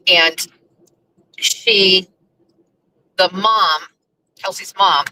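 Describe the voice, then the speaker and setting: A woman's voice: medium pitch, very slow, pushed and bright, slight background noise, poor audio. A woman hosting a casual live chat from her car while she drives, chatty, scattered and blunt, sounding emotional and overwhelmed. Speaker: host. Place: car, driving.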